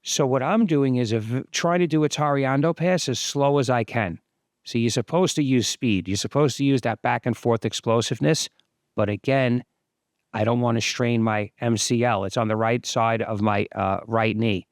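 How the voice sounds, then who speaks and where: A man in his fifties, host of his own channel, giving relaxed, explanatory voice-over commentary on sparring footage. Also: medium pitch, moderate pace, dry recording, studio quality. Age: 50s.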